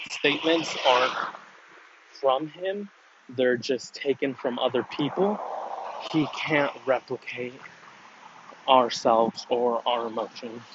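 A man talks slowly in a flat, even tone, rambling and hesitant and often restarting his sentences. The recording is dull and lo-fi, with steady noise clearly audible behind him. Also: medium pitch. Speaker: storyteller explaining a family matter. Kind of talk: casual monologue.

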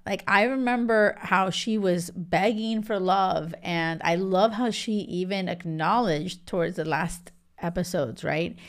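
A woman in her thirties hosting a casual reality TV recap, gushing and animated with lots of filler words. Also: medium pitch. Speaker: podcast host.

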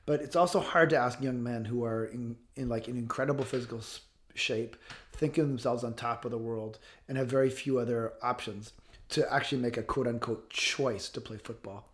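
A man's voice: mid-range voice, moderate pace. Blunt, fiery man in his fifties. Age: 50s. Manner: blunt, passionate, swears freely. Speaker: guest author. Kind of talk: casual interview talk.

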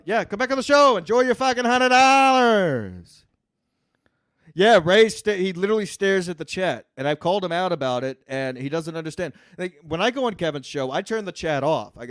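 A man hosting a podcast solo, reading the live chat and ranting with lots of swearing, swinging from muttering to yelling. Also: fairly high pitch, no room sound, clean studio sound. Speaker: podcast host. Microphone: podcast microphone.

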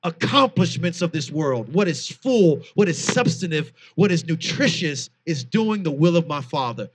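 A man in his thirties, a guest author telling a personal faith story in earnest, animated conversation, with frequent fillers. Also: a little high, moderate pace, a little hiss or hum.

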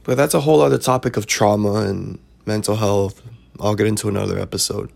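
Quick-paced and steady, his fairly low voice is gravelly and darkish as he hosts a podcast. The casual advice monologue is preachy and repetitive, punctuated by frequent "right?".

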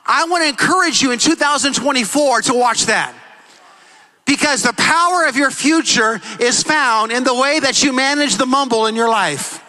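Middle-aged male pastor, sermon delivery, very high bright voice, emphatic and repetitive. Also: normal speed, low-quality recording. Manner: emphatic, repetitive preaching with acted-out quotes.

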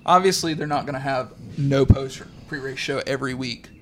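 A man's voice: mid-range voice, steady tone, brisk. A man co-hosting a casual racing podcast, talking enthusiastically and giving strong opinions. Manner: enthusiastic, opinionated, laughs easily. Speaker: podcast co-host. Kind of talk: casual chat. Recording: faint background noise.

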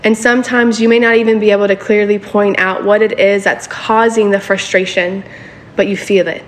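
Woman preacher, relaxed conversational sermon, talks straight to the congregation, asks for their agreement, faint background noise. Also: medium pitch, normal speed. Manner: casual, asks listeners for agreement.

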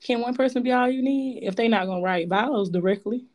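A woman with co-hosting a casual chat, animated and slangy, laughing often. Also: fairly high pitch, fairly quick.

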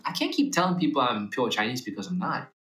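A young man with an American accent and a bright, forceful voice speaks in a loose, slangy, rambling way. He talks as an interview guest, and the room around him adds a noticeable echo. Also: medium pitch, sing-song, fast talker. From Malaysia. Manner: slangy, rambling, frequent fillers and laughs. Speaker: rapper guest. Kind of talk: casual conversational interview. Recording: echoey room.

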